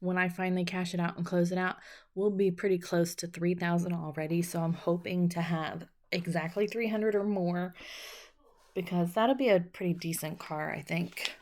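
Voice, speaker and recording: A woman's voice: lowish voice, fairly even intonation, moderate pace, darkish tone. A middle-aged woman hosting a budgeting video, chatting casually and counting bills half under her breath between asides. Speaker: budgeting channel host. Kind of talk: casual chat while counting cash.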